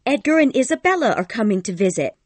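A man voicing a spoiled, hot-tempered young woman with a shrill, imperious manner in a read-aloud story. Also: sing-song, quick pace, dry recording, exaggerated voice. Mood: coy.

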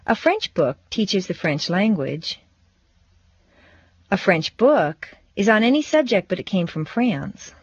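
Woman, pronunciation teacher, exaggerated stress drills, lower voice, dry, lo-fi recording. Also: slightly rough, dry recording. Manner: slow, deliberate, exaggerated stress and intonation.

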